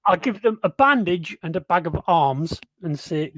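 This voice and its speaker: A man's voice: sits high, lively intonation, normal speed, a bit bright, dry recording. A man playing a tabletop game, boisterous and joking as he schemes. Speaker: player.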